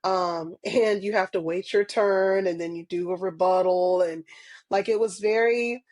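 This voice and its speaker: A woman's voice: medium pitch, steady tone, a little slow, a little mellow, no echo. A woman guest on a podcast interview, talking casually and earnestly with lots of ums and small laughs. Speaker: podcast guest, parent advocate.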